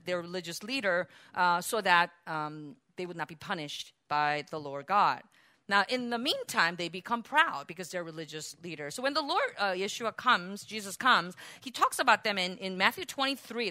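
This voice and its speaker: A woman preaching a sermon, moving between quiet explaining asides and loud, emphatic, rising outbursts. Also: mid-range voice, no room sound.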